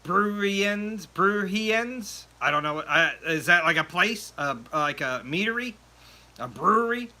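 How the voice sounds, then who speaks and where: Chatty male livestream host, bright tense voice, slightly high, laughs at his own jokes. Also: normal speed. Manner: chatty, laughs at himself, reads viewer comments aloud. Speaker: home mead maker hosting a livestream. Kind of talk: casual livestream chat. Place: home meadery.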